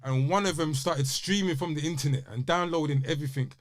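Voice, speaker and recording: Rapid, insistent young man. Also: fairly high pitch. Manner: rapid, repeats himself, insistent. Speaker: podcast co-host. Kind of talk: casual chat.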